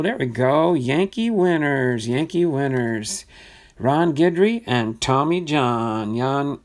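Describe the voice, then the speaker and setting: A man hosting a live card-breaking stream, reading out names in a chatty way with sudden excited bursts. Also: a little high. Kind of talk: live box-break commentary.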